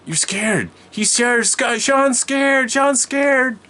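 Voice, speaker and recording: Man playing a bratty little sister: very high, loud, frantic sing-song. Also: takes it slowly, full character voice. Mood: teasing excited. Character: excitable young sister, teasing, shrill.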